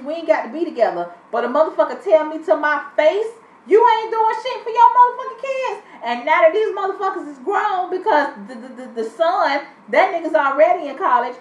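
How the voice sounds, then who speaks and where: A high-pitched woman delivers a casual, blunt recap of a reality show episode. She swears constantly and talks with a sassy edge. Her voice comes from a distance in an echoey room, and it sounds muffled. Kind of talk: casual profane episode review.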